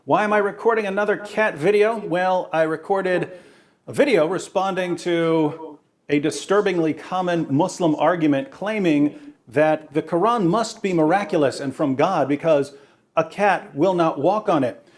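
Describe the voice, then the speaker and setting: A man with a somewhat high voice explains his point in a calm, measured monologue with a dry, wry edge. He is recorded in an echoey room. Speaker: video creator.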